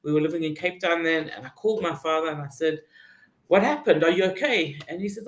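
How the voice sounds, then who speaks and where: A woman teaching a Psalm class who reads Hebrew phrases, translates them and often pauses to search for words. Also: deep voice. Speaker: Torah teacher. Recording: roomy echo.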